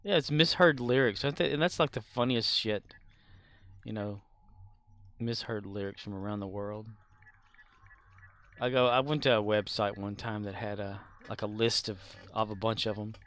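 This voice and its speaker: Gravelly rambling male game streamer. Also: lowish voice, moderate pace, a bit bright. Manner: rambling, talkative; laughs often while talking. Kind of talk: casual chat while gaming.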